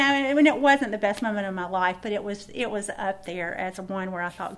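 A woman's voice: medium pitch, moderate pace, few pauses, slight background noise. A middle-aged woman, teaching a sermon to a women's group in a folksy style that speaks straight to the room. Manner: folksy, warm address to the room.

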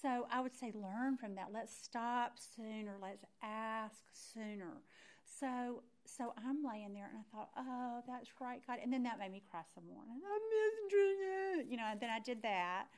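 Middle-aged woman leading a Bible study, higher-pitched voice, lively storyteller who acts out her own thoughts. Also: normal speed. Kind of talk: personal story in a Bible teaching.

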